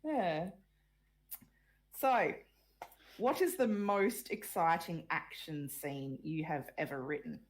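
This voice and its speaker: A woman hosting an online panel discussion over a video call, chatty and quick to laugh, with a croaky early-morning voice. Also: on the low side. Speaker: panel host. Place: at home in Australia very early morning.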